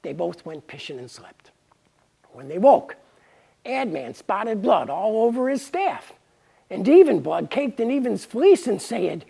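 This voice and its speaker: Woman, gravelly and husky, reading a pun-filled tale, slow and swooping. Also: mid-range voice. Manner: playful, pun-laden, lively. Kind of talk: reading her own punning story aloud.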